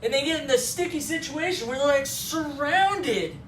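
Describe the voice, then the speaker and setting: A man co-hosting a film talk, excitedly retelling a movie scene and acting out the lines, recorded at a distance in an echoey space. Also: very high voice, moderate pace, slight background noise. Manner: animated retelling, acting out quotes. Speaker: co-host. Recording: roomy echo, far from mic.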